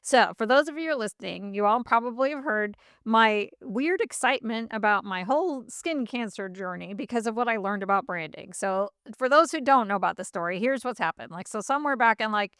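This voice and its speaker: A middle-aged woman hosts a podcast in a fairly high voice, telling her story in a lively, chatty way full of fillers and little acted-out quotes. The sound is dry and close, with no room around her. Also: fairly quick, hardly any pauses, clean tone, dry recording. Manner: animated, acts out quoted voices, many fillers. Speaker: podcast host. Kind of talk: casual storytelling in an interview.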